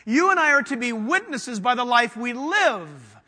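A man preaching with fervent, emphatic energy, his voice pitched very high and ringing bright. He puts questions to the congregation as he teaches. The sound carries a long reverb from a church sanctuary. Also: very animated, moderate pace. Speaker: pastor. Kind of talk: sermon.

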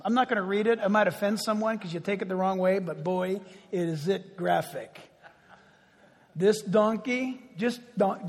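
Husky, high-pitched male pastor, lively sermon storyteller, echoey hall. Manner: animated storytelling, chuckling asides.

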